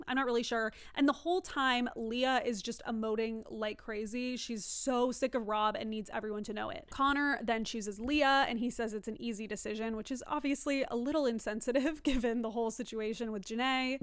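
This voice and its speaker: A woman's voice: fairly high pitch, clean tone. A young woman giving a casual, opinionated TV recap, chatty and laughing often. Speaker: TV recap reviewer.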